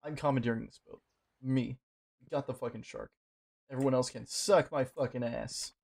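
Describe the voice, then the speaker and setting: A man's voice: mid-range voice, moderate pace, gravelly. A man giving casual, profane running commentary while playing a game, swearing at things on screen. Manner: profane, excitable, talks to the game. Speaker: gaming streamer.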